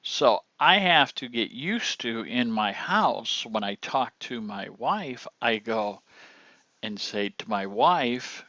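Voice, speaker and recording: An older man teaching a class about acting, explaining slowly and acting out lines to show delivery. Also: mid-range voice, lively intonation, pushed and bright, dry recording, dull audio. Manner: slow, explanatory, acts out lines to demonstrate delivery.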